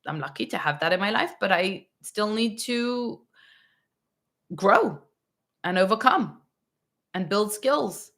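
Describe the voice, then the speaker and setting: This woman hosts a parenting channel and answers a viewer's question in a casual, emphatic monologue, often checking in with "right?" and "okay." Her medium-pitched voice is animated, a bit bright and creaky, and she takes it slowly with frequent pauses. She acts out quoted parents in little voices.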